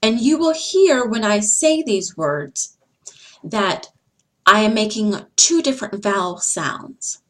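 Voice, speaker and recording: A woman giving a slide-based phonics lesson, speaking deliberately and repeating each example sound. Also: a little high, very animated. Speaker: English teacher.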